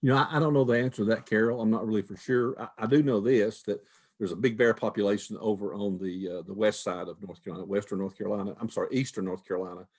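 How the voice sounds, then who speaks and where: A man's voice: lowish voice, fairly even intonation, quick pace, a little mellow. An older man, a retired wildlife manager, answering questions in a folksy, conversational way with frequent restarts. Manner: folksy, repeats words, restarts phrases.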